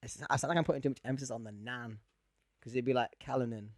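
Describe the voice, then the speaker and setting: A man's voice: mid-range voice, fast, dry recording, studio quality. A man co-hosting a podcast, talking in a rambling, jokey, self-mocking way. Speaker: podcast co-host. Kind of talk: casual podcast banter.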